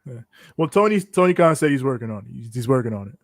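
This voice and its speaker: A man's voice: medium pitch, lively intonation, quick pace, no room sound, studio quality. A man co-hosting a casual wrestling reaction chat, laid-back and agreeable in his talk. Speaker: podcast co-host.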